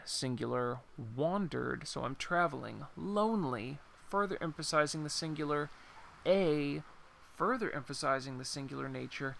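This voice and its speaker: A man teaching a poem in an informal, unscripted lesson, pausing to think and reading verse lines slowly. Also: a little high, vocal fry, a bit bright, slight background noise. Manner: unscripted, thinks aloud with pauses and apologies. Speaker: poetry teacher.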